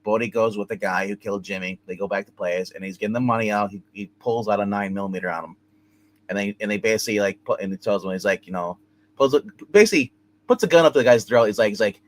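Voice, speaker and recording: A man casually recapping a TV episode, rambling and animated, acting out the characters' lines with plenty of swearing. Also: fairly low pitch, brisk. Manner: rambling, animated retelling with acted quotes and swearing. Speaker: show host reviewing a TV episode.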